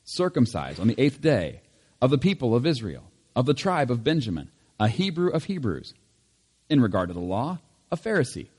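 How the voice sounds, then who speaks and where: A man serving as pastor, leading a church service with prayer and scripture reading, reading in a measured way and lifting his voice on key lines. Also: medium pitch, sing-song, darkish tone, slightly rough, long reverb tail. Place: church sanctuary.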